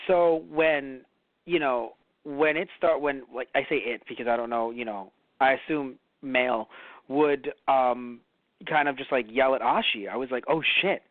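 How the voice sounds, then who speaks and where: A man's voice: medium pitch, fairly even intonation, a little slow, dry recording. Male podcast co-host, rambling casual talker, dry tinny recording. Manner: rambling, many fillers and curses. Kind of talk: casual review chat.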